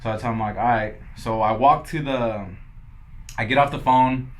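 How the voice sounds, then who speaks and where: A man's voice: mid-range voice, fairly even intonation, moderate pace. A young man from Los Angeles, a podcast guest who tells his story casually, swearing often and acting out what others said. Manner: laid-back, swears a lot, quotes others in dialogue.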